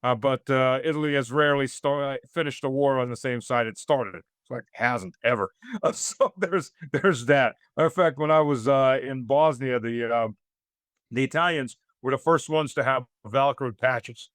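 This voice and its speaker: A man's voice: medium pitch, moderate pace, a bit bright, clear, resonant tone, no room sound, studio quality. A man raised in the United States, a guest giving political commentary in an interview, talking in long rambling runs full of fillers and restarts, with a sarcastic edge.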